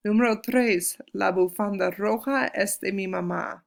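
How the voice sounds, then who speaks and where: Casting note: woman, Spanish teacher, gravelly edge, patient and clear, slows down to model words. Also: medium pitch. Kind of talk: recorded classroom lesson.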